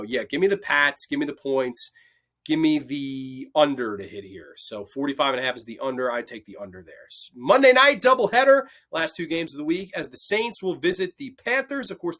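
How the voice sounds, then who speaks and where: A young man with a medium-pitched, slightly bright voice hosts a football picks show. He offers casual sports betting commentary laced with swearing and delivered as passionate rants.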